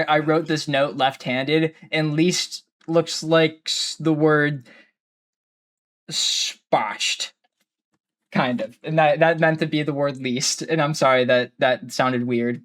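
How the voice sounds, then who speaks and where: Man, casual podcast chat, rambling, self-deprecating, slightly high voice. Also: fairly bright tone. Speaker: podcast co-host.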